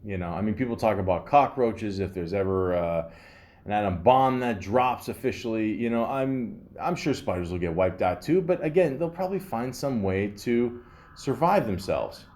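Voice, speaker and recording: In a fairly low, expressive voice with a darkish tone and moderate pace, a man hosts a podcast as a rambling, casual monologue. Profanity and fillers are everywhere, and he reads out facts before riffing on them.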